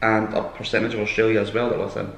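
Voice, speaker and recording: A man's voice: lowish voice, little pitch movement, quick pace, gravelly, a bit bright, slight background noise. A man co-hosting a podcast at home, chatting casually and teasing, with many restarts. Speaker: podcast co-host. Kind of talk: casual chat. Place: room at home. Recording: roomy echo.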